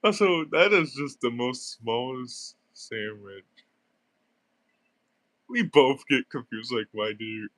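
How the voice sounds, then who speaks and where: A man's voice: medium pitch, a little slow, a bit bright, no echo. A young man with a stuffy nose, rambling through casual gameplay commentary with lots of fillers and giggles. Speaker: gaming streamer.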